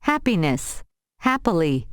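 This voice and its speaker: A woman reads practice words for a pronunciation lesson, stressing each syllable carefully. Her voice sits slightly low but swings lively in pitch. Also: unhurried, dry recording, studio quality. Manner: clear, careful enunciation. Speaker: model reader for pronunciation drills. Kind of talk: pronunciation drill reading.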